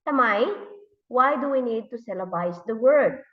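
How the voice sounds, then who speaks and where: A woman English teacher with a Thai accent leading a classroom lesson, slowly repeating words and sounding out letters and syllables. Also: fairly high pitch, animated, far from the mic. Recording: echoey room, dull lo-fi sound.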